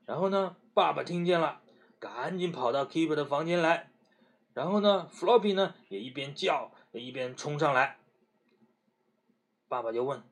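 Man, slightly high voice, slow, patient reading to a kid. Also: expressive. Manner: slow, gentle, hesitant with many fillers. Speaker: parent reading to a child. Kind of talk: bedtime story reading with translation.

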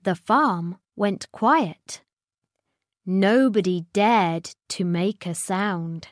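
A woman with a British accent narrating a children's storybook in a clear, expressive read-aloud manner. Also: medium pitch, very slow, no echo, studio quality.

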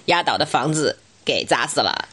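A woman's voice: low voice, lively intonation, normal speed, a bit bright, breathy edge. A woman co-host giving casual, playful commentary on a story being read aloud.

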